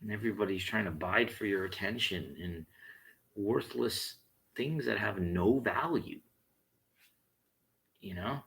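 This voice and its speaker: A man's voice: on the low side, measured pace, gravelly, pauses often, fairly bright tone, breathy edge, rough recording. A man delivering a blunt, heated monologue full of swearing. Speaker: vlogger. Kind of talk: profane monologue rant.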